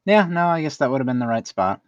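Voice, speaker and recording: A man's voice: mid-range voice, very animated, fast, no echo, muffled recording. A man playing a tabletop game, thinking aloud as he explains his moves. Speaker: player.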